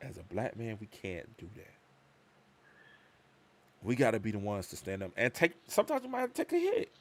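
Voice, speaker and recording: Animated man telling a story on a live stream. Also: lowish voice, fairly quick, a little hiss or hum. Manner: animated, acts out both sides of conversations. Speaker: show host.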